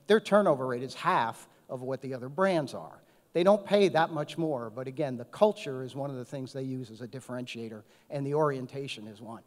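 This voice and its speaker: Man, HR panelist, anecdotal, conversational, middle pitch, big hall reverb. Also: normal speed. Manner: anecdotal, conversational with many "right?" tags. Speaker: panelist, HR executive. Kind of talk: panel discussion. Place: conference hall. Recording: echoey conference hall.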